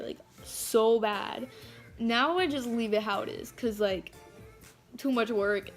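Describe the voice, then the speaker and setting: Chatty teen girl ranting on camera. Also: fairly high pitch. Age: teens. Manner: chatty, frank, swears freely, lots of "like". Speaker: vlogger. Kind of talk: casual rant to camera. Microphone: phone camera.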